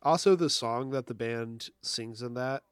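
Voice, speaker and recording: A man's voice: medium pitch, unhurried, clear, resonant tone, no room sound, studio quality. A man co-hosting a podcast, giving easygoing casual opinions on movies. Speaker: podcast co-host. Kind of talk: casual movie commentary chat.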